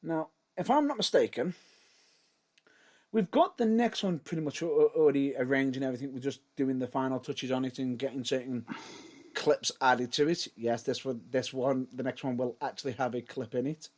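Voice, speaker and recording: A man's voice: mid-range voice, moderate pace, a little mellow. A man co-hosting a podcast in casual chat, rambling and giggly, often breaking off mid-sentence. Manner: rambling, giggly, self-interrupting. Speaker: podcast co-host.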